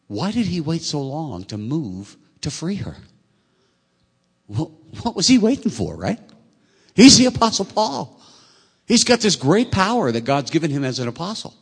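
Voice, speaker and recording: A man's voice: medium pitch, breathy edge. A man preaching a sermon as a pastor in a conversational way, often asking his listeners rhetorical questions. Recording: echoey hall.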